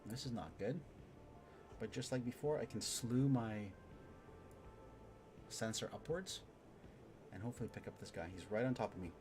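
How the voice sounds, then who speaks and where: A man streaming a flight sim, explaining his systems and muttering excited remarks while he fights. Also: medium pitch, normal speed, pauses often, over music. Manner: excitable, mutters to himself mid-dogfight. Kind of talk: live gameplay commentary and tutorial.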